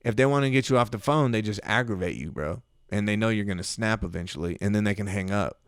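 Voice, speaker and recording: A man co-hosting a podcast, telling a rambling, animated story and acting out both sides of a phone call with plenty of swearing. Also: on the low side, quick pace, clear, resonant tone, no echo, clean studio sound. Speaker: podcast co-host. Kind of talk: casual chat, storytelling.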